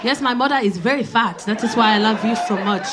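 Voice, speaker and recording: A woman comedian voicing a smitten African man on a date who begs and gives blunt compliments in halting English, over a loud crowd. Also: a little high, background noise, natural voice. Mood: fond. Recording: live club set with loud crowd.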